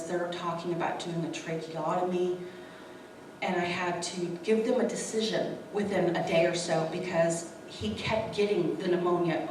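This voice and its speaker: A woman's voice: fairly low pitch, darkish tone, slight background noise. Woman recounting a personal story earnestly, mic set back in a reverberant hall. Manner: earnest, acts out quoted dialogue. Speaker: speaker sharing her testimony. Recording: echoey room, distant mic.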